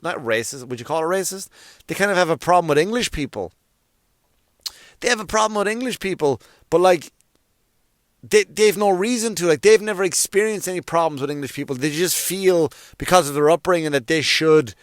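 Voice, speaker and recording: A man's voice: on the high side, animated, fairly quick, smooth, no room sound, clean studio sound. A young man, a stand-up comedian, rambling profanely through a solo podcast monologue with lots of restarts and fillers. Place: around New York.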